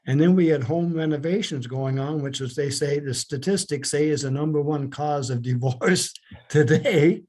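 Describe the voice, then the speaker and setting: An older man from Canada, a podcast guest, retelling a story in an earnest, halting way that turns emotional. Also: medium pitch, darkish tone. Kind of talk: storytelling in an interview.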